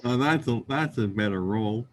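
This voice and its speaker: A man's voice: mid-range voice, moderate pace, background noise. A man playing in a tabletop game, talking in a casual, matter-of-fact way about what his character does. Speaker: player.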